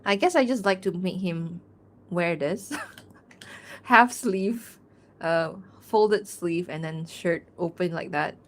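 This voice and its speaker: A woman's voice: fairly low pitch, slow. Chatty young woman. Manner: rambling, chatty, many "like" fillers, laughs often. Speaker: artist streaming a drawing Q&A. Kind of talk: casual livestream chat while drawing.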